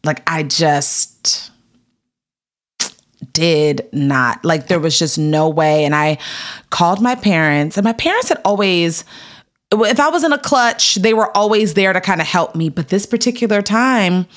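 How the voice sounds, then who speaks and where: A woman's voice: fairly low pitch, a little slow. A woman in her thirties, an actress guest on a podcast, telling a personal story in casual chat and acting out what people said to her. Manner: animated, acts out quotes in raised voices.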